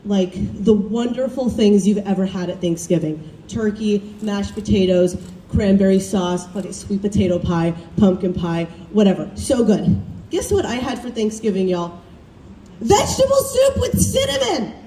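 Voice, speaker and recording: A young woman from the American South performing a self-deprecating stand-up set, chatty and animated as she tells family stories. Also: mid-range voice, normal speed, a little hiss or hum. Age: young adult. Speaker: student stand-up comic. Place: campus showcase stage. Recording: roomy, distant stage recording with faint ambience.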